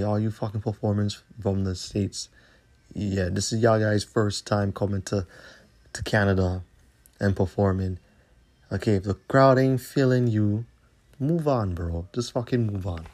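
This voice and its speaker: Podcast host, male, deep and dark, confrontational and profane. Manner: profane, confrontational ranting with repeated tag questions. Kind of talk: solo podcast rant.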